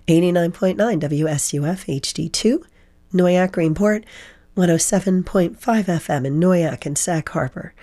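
A woman hosting a public radio classical music show, announcing pieces and station information with a hoarse voice. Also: low-pitched, warm tone. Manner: measured, polished on-air delivery. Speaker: radio host.

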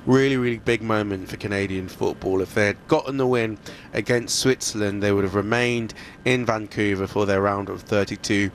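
A man giving a radio sports report, lively and conversational, with frequent fillers. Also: fairly low pitch, normal speed, a little hiss or hum. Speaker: sports presenter.

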